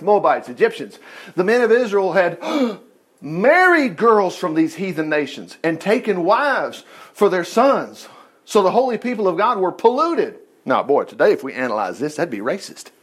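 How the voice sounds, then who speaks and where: A man preaching a conversational sermon, reading scripture aloud with lively, digressive asides and quips. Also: sits high, slightly rough.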